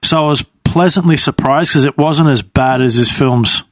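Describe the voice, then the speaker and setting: A man's voice: medium pitch, normal speed, dry recording. A man in casual podcast chat, giving blunt, plain opinions. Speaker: podcast co-host.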